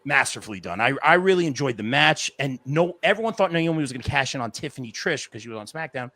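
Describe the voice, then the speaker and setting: A man's voice: mid-range voice, expressive, fast, sharp tone, dry recording. A man hosting a live wrestling podcast stream, chatting casually and reading viewer comments aloud. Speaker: podcast host.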